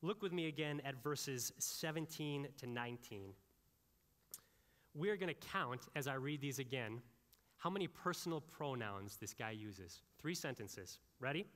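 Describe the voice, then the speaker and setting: A male pastor preaching a sermon, with animated, conversational delivery and frequent asides to the congregation. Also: mid-range voice, unhurried, big-room sound.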